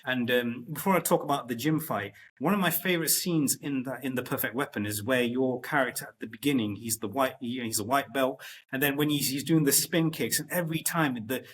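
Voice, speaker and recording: A man's voice: mid-range voice, brisk, fairly bright tone, slightly rough. A man hosting a casual interview, gushing with fan enthusiasm about favorite scenes. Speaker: interview host.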